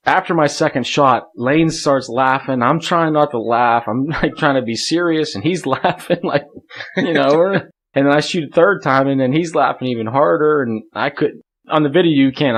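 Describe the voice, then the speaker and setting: Man rambling through a story with laughs. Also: medium pitch. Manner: laughs often, rambling with many "like" fillers. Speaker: podcast guest. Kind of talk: casual hunting story told in conversation.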